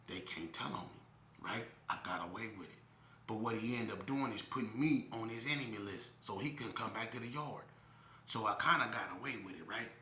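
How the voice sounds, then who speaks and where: A man's voice: fairly low pitch, roomy sound, a little hiss or hum. A man telling a story in casual chat and acting out the people he quotes. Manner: animated, acts out quotes loudly. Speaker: storyteller guest.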